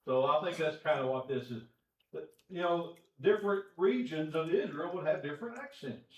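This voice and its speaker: Folksy preacher in an echoey church. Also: male voice, fairly high pitch, animated, normal speed. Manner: folksy, conversational, chuckles often. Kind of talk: Bible class teaching. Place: church auditorium. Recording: echoey church room, distant dull mic.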